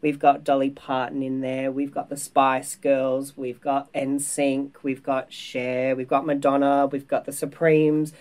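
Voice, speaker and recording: An Australian woman with a notably low voice talks up her productions in an interview. She speaks in an upbeat, clear and promotional way and spells things out carefully. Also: little pitch movement, a little slow, hardly any pauses, darkish tone. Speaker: guest, theatre producer. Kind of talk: casual interview chat.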